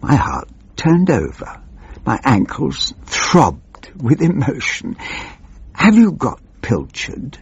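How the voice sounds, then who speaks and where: Doddering old MP, gravelly and husky, very slow drawl, pompous and forgetful, dull lo-fi sound. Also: male voice, mid-range voice, wildly swooping pitch, full character voice. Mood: reminiscing. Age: older. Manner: rambling, muddled, pompous reminiscing. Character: doddering ancient male MP, rambling and forgetful. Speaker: comic character monologue. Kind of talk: scripted comic monologue.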